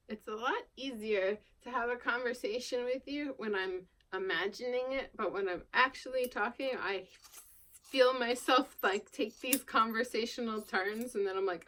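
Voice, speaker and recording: Sitting at her worktable indoors, a Long Island woman with no accent vlogs while she works, her pitch on the high side and her tone fairly bright. She speaks at a measured pace in a rambling, self-deprecating chat, frequently trailing off into a murmur.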